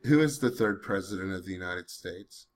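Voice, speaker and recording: Speaking in a low voice with lively intonation at a moderate pace, a man puts a chatbot through its paces by voice dictation. He pronounces the punctuation, jokes with and challenges the assistant, mentions his weird accent, and ends up cursing in frustration.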